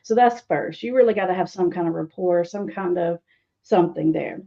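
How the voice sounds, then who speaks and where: Gravelly, teasing woman recovery coach. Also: fairly low pitch, moderate pace, dark tone, muffled recording. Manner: teasing, sarcastic, laughs often. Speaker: guest speaker, addiction recovery coach. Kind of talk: interview answers.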